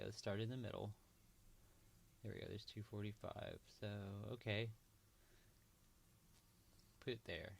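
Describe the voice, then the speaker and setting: A man's voice: on the low side, creaky, a little hiss or hum. A man hosting a casual livestream, thinking aloud with hesitant, trailing remarks as he marks up a chart. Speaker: livestream host.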